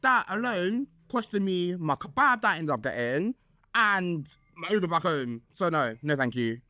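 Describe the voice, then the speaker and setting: A man's voice: high voice, big pitch swings, moderate pace, pushed and bright, no room sound. A man, hosting a casual storytime vlog and gossiping dramatically about his birthday, full of fillers. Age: 20s. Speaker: vlog host.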